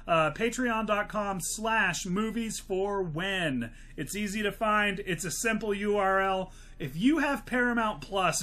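A man's voice: high-pitched, bright, forceful tone. A man co-hosting a movie podcast in playful, casual chat. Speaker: podcast co-host.

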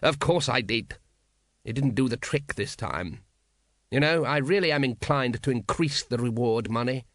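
A man voicing a dry, calculating older male ruler who speaks in measured, sardonic questions in an audiobook. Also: mid-range voice, expressive, fairly bright tone, no echo, close to an everyday voice. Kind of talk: audiobook character voice.

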